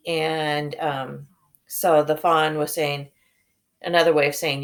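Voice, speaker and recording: A woman's voice: sits low, level tone, slow pace. A woman teacher reading a novel aloud to her class, talking hesitantly with many fillers and self-corrections.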